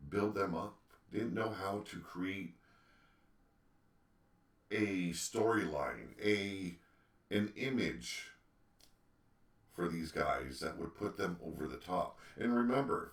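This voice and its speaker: A man hosting a solo opinion podcast, ranting with emphatic rhetorical questions. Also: lowish voice. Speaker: podcast host. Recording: echoey room, distant mic.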